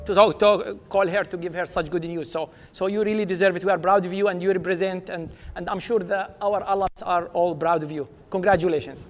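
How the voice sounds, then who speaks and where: High-voiced man hosting an awards ceremony. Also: fairly even intonation, fairly quick, few pauses, soft background music. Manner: upbeat, leads applause, names honorees. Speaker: dean presenting awards. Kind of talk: ceremony speech. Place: large auditorium. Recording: reverberant auditorium with audience.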